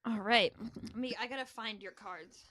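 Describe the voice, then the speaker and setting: A woman's voice: fairly high pitch, normal speed, pushed and bright, no echo. A woman with a Maine accent, co-hosting a podcast, telling stories in a chatty way with giggly asides. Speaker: podcast co-host. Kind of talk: casual chat.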